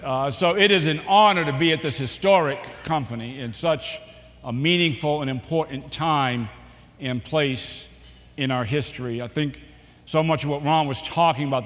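A middle-aged man with a Boston accent giving a public speech, telling jokes and his own story with dramatic pauses and "uh" fillers. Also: fairly high pitch. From New Bedford, Massachusetts. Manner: warm, joking delivery with dramatic pauses and frequent "uh" fillers. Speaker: keynote speaker. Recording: long hall reverb.

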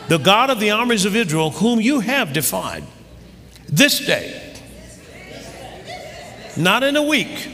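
A man preaching a sermon with fervor, reading scripture and building up to shouted, rising climaxes. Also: high voice, sing-song, moderate pace, few pauses. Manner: fervent, building to shouting crescendos. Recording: long hall reverb.

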